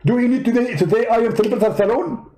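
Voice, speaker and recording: A man's voice: extremely high pitch, mellow, pitched above the performer's own voice, poor audio. A man putting on the voice of a pompous male preacher who scolds and insults his debate opponent in a parody skit. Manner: haughty, scolding, quick to insult.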